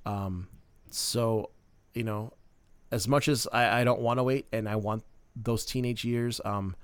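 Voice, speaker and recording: A man in his thirties from Minnesota speaks slowly and earnestly as a podcast host, pausing with plenty of fillers. His voice is smooth and clear. The sound is dry and close, with no room around it. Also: on the low side, fairly even intonation, no room sound. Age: 30s. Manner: earnest, heartfelt, with many fillers. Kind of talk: personal storytelling monologue.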